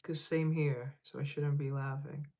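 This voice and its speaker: A man's voice: fairly high pitch, flat delivery, unhurried, a little mellow. A man hosting a casual livestream, reading viewer comments aloud and rambling in a laid-back way, laughing at himself. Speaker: livestream host.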